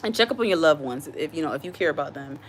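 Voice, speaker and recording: Speaking quickly in a low voice with lively intonation, a woman runs a casual cooking live stream from her home kitchen, with slight background noise. She talks straight to viewers, reads comments aloud, and restates her points earnestly.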